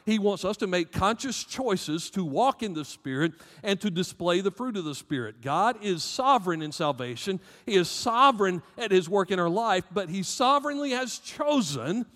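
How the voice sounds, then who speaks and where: Southern-accented preacher with high voice. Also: male voice, fairly bright tone, long reverb tail. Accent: Southern American. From American South. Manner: emphatic preaching, rising and dropping in volume. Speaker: pastor. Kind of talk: sermon.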